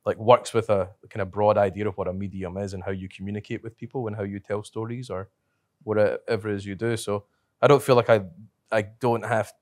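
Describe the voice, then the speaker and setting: A lower-voiced man with a strong brogue chats on a podcast, drifting through long thoughts and correcting himself as he goes. The sound is close and dry, with no room around it. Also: fairly even intonation, a little fast, no room sound. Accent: strong brogue, not New Zealand. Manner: thoughtful, rambling, self-correcting. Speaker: podcast co-host and festival director. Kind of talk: casual podcast chat.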